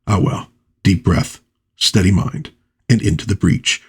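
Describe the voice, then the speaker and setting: A man reading aloud the lines of a brooding adult male caped crime-fighter who is uneasy and steadies himself, in his own husky voice. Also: sits low, a little slow, full character voice.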